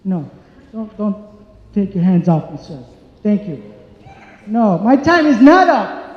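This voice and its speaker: Angry high-voiced man in echoey hall. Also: unhurried, long pauses, a little mellow. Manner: angry, emphatic, repeats points. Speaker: community member speaking at public meeting. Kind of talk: impassioned public comment. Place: large church hall. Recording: echoey hall, dull sound.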